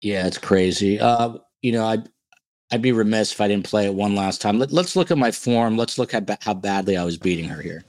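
A man with a New Jersey accent hosts a casual podcast livestream. His voice sits low, and he talks in an animated, playfully boastful way, teasing his co-hosts and the chat. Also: fairly quick. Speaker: podcast host.

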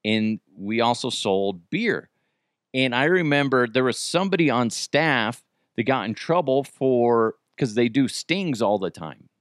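A man's voice: mid-range voice, animated, measured pace, a bit bright, no echo, studio quality. A middle-aged man hosting a podcast, telling comedic stories casually, swearing and acting out quotes in raised voices. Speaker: podcast host.

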